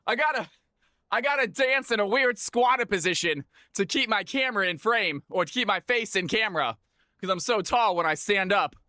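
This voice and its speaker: A man hosting viewer games on a live stream, talking excitedly and chatting with his audience. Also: high-pitched, normal speed, dry recording, clean studio sound.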